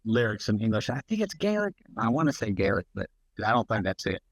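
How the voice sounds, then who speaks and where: A man's voice: lowish voice, very animated, quick pace, no room sound. A man co-hosting a podcast, chatting in a laid-back, casual way and swearing now and then. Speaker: podcast co-host. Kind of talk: casual chat.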